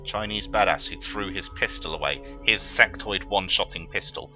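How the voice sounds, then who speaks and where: A man's voice: sits low, moderate pace, bright, forceful tone, faint music behind. A man commentating his own strategy game run, swearing and prone to exasperated outbursts. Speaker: gaming let's player. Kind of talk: let's play commentary.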